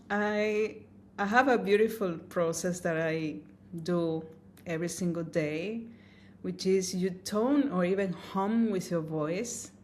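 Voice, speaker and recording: Soft-spoken, slow woman sound healer. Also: on the low side, a little hiss or hum. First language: Spanish. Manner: gentle, earnest, emotional. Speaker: sound healer and opera singer. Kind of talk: interview answers.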